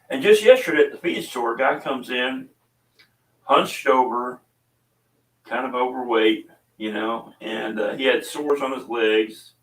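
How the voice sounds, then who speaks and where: A man's voice: medium pitch, a bit bright, far from the mic. A middle-aged man hosting a casual chat, rambling and telling stories with lots of ums and uhs. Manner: rambling, chatty storytelling with many fillers. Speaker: podcast host and small coffee seller. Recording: roomy echo, voice away from the mic.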